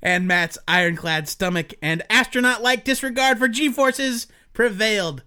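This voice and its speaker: A man's voice: sits high, unhurried, pushed and bright, clear, resonant tone. A man co-hosting a casual comics podcast, wry as he reads news items aloud. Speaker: podcast co-host.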